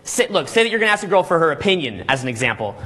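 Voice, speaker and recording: Man, high voice, husky edge, energetic seminar coach, keeps asking okay, all right. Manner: acts out little scenes in quick put-on voices. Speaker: dating coach and boot camp instructor. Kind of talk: live seminar lecture to a group.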